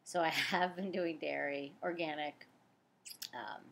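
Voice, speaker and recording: Woman in her forties, personal vlog, tired, low pitch, candid and rambling. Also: steady tone, a little slow, vocal fry, fairly bright tone, a little hiss or hum. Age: 40s. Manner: candid and chatty, with frequent fillers and self-corrections. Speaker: fertility practitioner. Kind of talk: casual personal vlog update. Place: home, on the couch.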